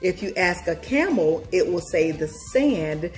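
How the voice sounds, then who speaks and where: A woman vlogger talking casually to her viewers, chatty and upbeat, reflecting on a book with sudden excited leaps in her voice. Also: measured pace, soft background music. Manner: chatty, talks straight to viewers, big excited pitch jumps.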